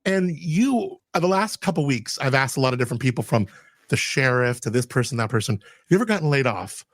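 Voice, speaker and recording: A man's voice: medium pitch, fairly quick, no echo. Chatty man hosting a podcast, dry sound. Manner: chatty, animated storytelling with quoted dialogue. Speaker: podcast host. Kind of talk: casual podcast interview.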